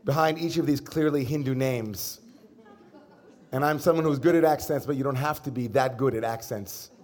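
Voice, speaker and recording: Speaking as a rabbi, a middle-aged man eases into his sermon with a relaxed personal story. His voice sits at a middling pitch, and he talks at a moderate pace in a conversational, lightly humorous way.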